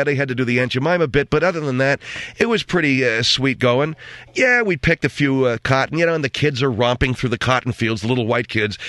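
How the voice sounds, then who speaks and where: A man's voice: mid-range voice, fairly bright tone, no room sound. A man hosting a talk show, delivering a sarcastic, rambling opinion monologue.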